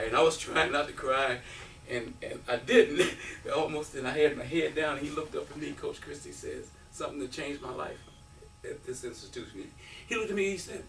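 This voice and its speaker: A man in his fifties, a former college basketball player, giving an animated storytelling speech at a breakfast event, acting out quotes and laughing often. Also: a little high, brisk, creaky, a little hiss or hum. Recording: roomy, from a distance.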